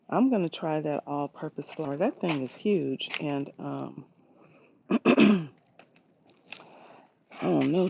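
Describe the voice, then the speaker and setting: Gravelly-voiced woman gardening live outdoors. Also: low-pitched, warm tone, a little hiss or hum. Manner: chatty, greets viewers by name, reads comments aloud. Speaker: gardening livestream host. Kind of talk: casual live garden walkthrough. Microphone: phone held while walking. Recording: slightly dull phone audio.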